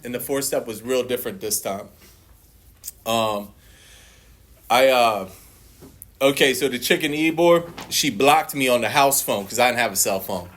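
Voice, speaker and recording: A man's voice: medium pitch, moderate pace, long pauses, a bit bright, slight background noise. Profane man telling his recovery story. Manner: blunt, profane storytelling with quoted dialogue. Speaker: recovery meeting speaker. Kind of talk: personal testimony at a meeting.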